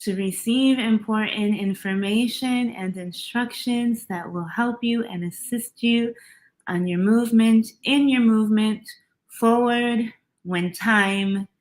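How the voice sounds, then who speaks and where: A woman's voice: fairly high pitch, slow pace. Chatty woman hosting a tarot livestream. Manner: chatty, laughs often, greets viewers by name. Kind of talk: casual livestream chat.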